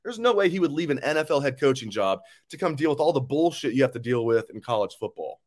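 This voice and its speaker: A man's voice: mid-range voice, big pitch swings, quick pace, a little mellow. A man hosting a live sports talk stream, ranting angrily and bluntly, with swearing, as he reads viewer comments. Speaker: sports show host.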